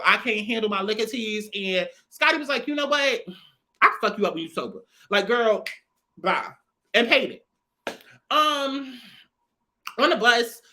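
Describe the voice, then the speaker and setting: Young woman, bright tone, blunt and swearing freely in a casual show recap. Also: medium pitch. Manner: blunt, sassy, swears a lot. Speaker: reality show reviewer. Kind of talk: casual profane commentary.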